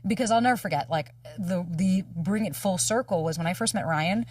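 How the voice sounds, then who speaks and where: Fast-talking husky woman coach. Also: lowish voice, darkish tone, dry recording, far from the mic. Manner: fast, emphatic, swears freely, acts out quoted dialogue. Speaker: dating coach, podcast guest. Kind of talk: candid conversational coaching.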